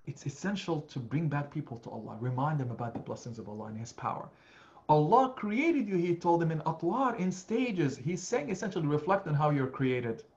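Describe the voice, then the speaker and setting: Earnest imam in a lo-fi lecture. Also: male voice, on the high side, brisk, hardly any pauses. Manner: earnest and animated, with many restarts and fillers. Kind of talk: Sunday lecture on scripture. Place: mosque community hall.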